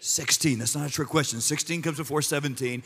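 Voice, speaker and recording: A middle-aged pastor with a fairly high, slightly bright voice and a breathy edge preaches briskly to a live congregation in a church sanctuary. He tells stories with humor and asides to his listeners, and the recording has a long hall reverb.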